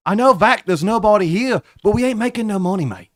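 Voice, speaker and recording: Man doing drunk vampire tavern owner, pirate-like swagger, loud, raised pitch, dry close sound. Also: expressive, fast, dry recording. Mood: boozy, grumbling. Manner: slurred, loud, accent drifting.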